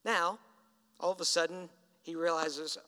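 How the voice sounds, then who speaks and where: A man's voice: fairly high pitch, steady tone, measured pace, sharp tone, smooth. A man preaching a sermon in a conversational storytelling way, acting out the lines he quotes. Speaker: pastor. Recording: reverberant hall.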